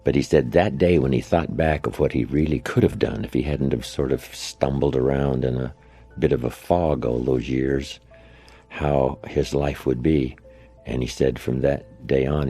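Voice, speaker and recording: Deep gravelly male motivational speaker. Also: warm tone. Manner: folksy anecdotes with asides to the audience. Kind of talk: storytelling motivational speech.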